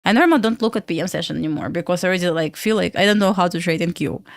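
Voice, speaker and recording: A woman's voice: fairly low pitch, lively intonation, rapid-fire, no room sound, clean studio sound. A young woman from Belarus with a Russian accent, hosting a casual trading livestream and answering questions from chat with lots of fillers.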